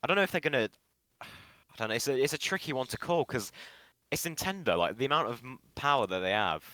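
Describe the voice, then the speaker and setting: A man's voice: mid-range voice, animated, quick pace, sharp tone, dry recording. A man co-hosting a podcast in casual chat, hesitant and full of restarts. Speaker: podcast co-host.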